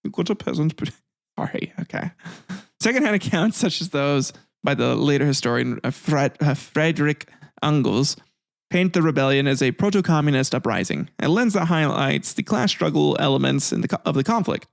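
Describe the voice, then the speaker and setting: A man's voice: on the high side, expressive, brisk, creaky, no echo, clean studio sound. A man hosting a podcast, narrating history with irreverent, profane comic asides. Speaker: podcast host.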